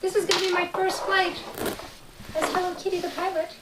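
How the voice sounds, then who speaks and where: A polite little cat pilot voiced by a woman chats in a high, bright-toned voice, proud of herself. The voice stays close to the woman's own everyday sound. Steady noise hangs behind the home recording. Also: fairly quick. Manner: chatty and proud.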